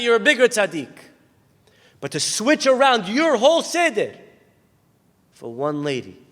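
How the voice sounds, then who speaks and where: Man, rabbi, sermon storytelling, slightly high voice, acts out the people in his stories, long hall reverb. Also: fairly bright tone.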